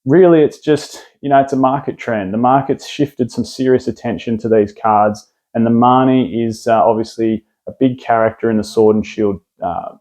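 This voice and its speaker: Australian male host, mellow tone, chatty and rambling with restarts, keen on his picks. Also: mid-range voice, moderate pace, few pauses. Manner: rambling, enthusiastic, lots of restarts and fillers. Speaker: card collecting video host. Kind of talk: casual product rundown.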